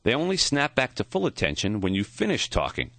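A man narrating an audiobook in a measured, expressive reading, recorded on a close studio mic. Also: medium pitch, no room sound. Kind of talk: scripted narration.

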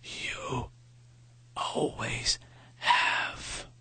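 A man voicing a frail, dying old male professor with a thin, raspy, whispery voice, speaking in short breathy bursts. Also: very slow, bright, forceful tone, no room sound, heavily acted. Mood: frail, tender.

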